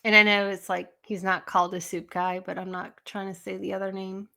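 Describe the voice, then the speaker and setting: A woman's voice: mid-range voice, flat delivery, a little fast, creaky, sharp tone. A woman hosting a casual live stream, rambling, laughing often and chatting with her viewers.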